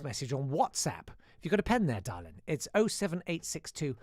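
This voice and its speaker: A man's voice: medium pitch, sing-song, brisk, hardly any pauses, no echo, clean studio sound. Guy hosting a show, wry rambly story with lots of asides, voice goes up and down a lot. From South-east London. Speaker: host. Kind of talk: casual live-show storytelling.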